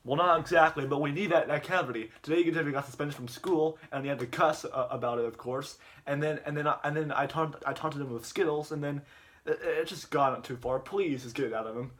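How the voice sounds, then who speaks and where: A man's voice: fairly high pitch, fairly quick, a bit bright, natural voice. A man voicing an exasperated, blunt father. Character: fed-up middle-aged dad, blunt.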